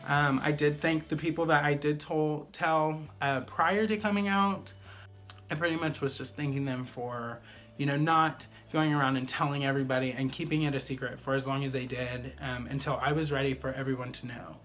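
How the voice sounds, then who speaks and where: A man's voice: medium pitch, steady tone, normal speed, a bit bright. A man vlogger telling a personal story in a casual, chatty way, full of fillers like "like" and "pretty much".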